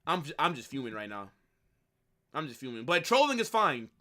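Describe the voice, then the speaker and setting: Animated, bright-voiced young man ranting. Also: fairly high pitch, fairly quick. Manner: frustrated, ranting, repetitive. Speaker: watch-along host. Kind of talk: live football watch-along reaction.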